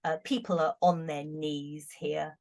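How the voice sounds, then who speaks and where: A woman's voice: low-pitched, level tone, a little slow, darkish tone. A middle-aged British woman, a tarot reader hosting a casual chat, talking in a chatty, giggly, exclamatory way. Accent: British English. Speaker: tarot reader, channel host.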